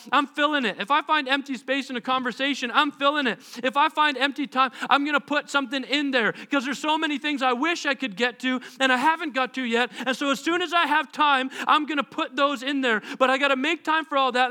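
A man's voice: extremely high pitch, bright, forceful tone, pitched above the performer's own voice, full character voice. A man voicing a frantic, overwhelmed believer who pleads with God and piles up questions.

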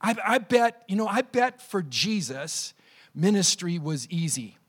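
A pastor preaching with animated storytelling, acting out every quote. His voice sits high for a man. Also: measured pace, breathy edge. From Canada. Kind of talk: sermon.

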